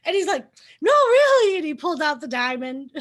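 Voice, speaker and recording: A high-pitched woman telling a story in relaxed chat. She laughs often and bounces into little acted-out quotes as she goes. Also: quick pace.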